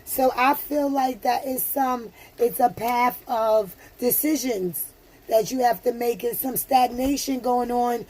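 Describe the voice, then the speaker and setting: Slow-talking woman doing a tarot reading. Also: on the high side, a little mellow, rough recording. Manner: soothing, affirming, laughs often. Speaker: tarot reader. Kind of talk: casual spiritual card reading.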